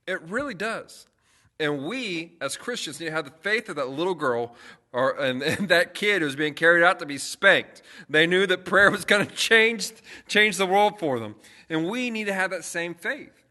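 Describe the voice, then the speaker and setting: A young man, a youth pastor, talks on a casual livestream. His voice is notably bright and forceful, sitting slightly higher than most men's. He tells stories loosely, full of fillers and false starts. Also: expressive, moderate pace. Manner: chatty storytelling with frequent fillers and restarts.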